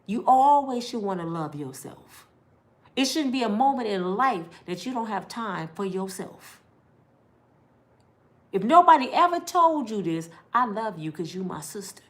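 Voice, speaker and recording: A middle-aged woman vlogger giving heartfelt life advice in an animated, preachy big-sister way. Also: medium pitch, moderate pace.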